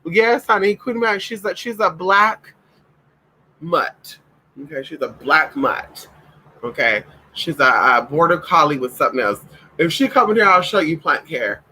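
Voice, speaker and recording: A man's voice: on the high side, expressive, measured pace, bright, forceful tone, slightly rough, low-quality recording. A man chatting casually in a home vlog, sassy and profane, talking to viewers and calling his dogs. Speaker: vlogger.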